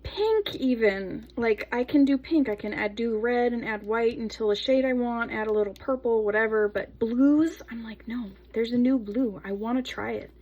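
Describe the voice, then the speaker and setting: A woman's voice: on the high side, moderate pace, hardly any pauses, darkish tone, lo-fi sound. A young adult woman soap maker chatting casually through a tutorial, rambling into asides while she works.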